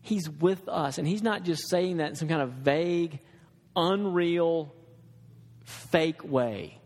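A man's voice: on the high side, slow pace, darkish tone, in a large hall. A man preaching a sermon in an earnest, conversational way, with restarts and asides to the congregation.

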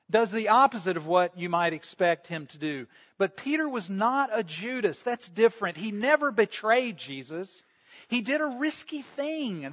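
A man preaches in a high, expressive voice, slipping into the voices of the people in the story he retells. The recording sounds somewhat dull and lo-fi. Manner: storytelling, acts out quoted voices. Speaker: pastor. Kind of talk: sermon.

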